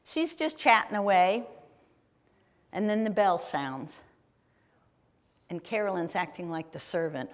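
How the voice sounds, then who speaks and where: A woman's voice: fairly low pitch, animated, measured pace, pauses often. A woman from Ohio giving a chatty, enthusiastic live travel talk with slides, often asking the audience questions. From Ohio, USA. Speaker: guest speaker. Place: performing arts center auditorium. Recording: long reverb of a large hall. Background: live audience in a hall.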